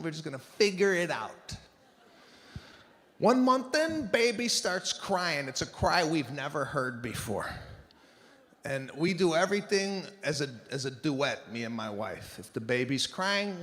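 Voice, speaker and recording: A man doing stand-up on stage with a high, excitable voice that keeps jumping into shouted bursts as he plays his relatives. His voice rings with a long reverb through a big hall, with clear audience noise behind him. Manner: animated, acting out family members in loud bursts. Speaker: stand-up comedian. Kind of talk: stand-up routine. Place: theater stage. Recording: live show in a large reverberant venue with crowd noise.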